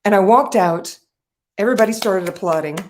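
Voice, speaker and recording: A woman speaking as a guest on a talk show, telling a story at a middle pitch. She is animated, laughs often and acts out the voices of people in her story. Her storytelling is conversational. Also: fairly quick, a little hiss or hum.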